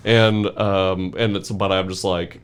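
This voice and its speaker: A man's voice: low-pitched, a little slow, clean tone. A young man telling a wild story as a podcast guest, laughing often and packing his talk with "like". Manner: animated, laughing, full of "like" fillers. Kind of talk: casual storytelling.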